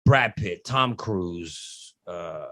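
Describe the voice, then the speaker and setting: A man's voice: sits low, animated, drawn-out words, a bit bright. A man hosting a casual podcast chat, talking in loose, rambling runs with emphatic asides. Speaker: podcast host.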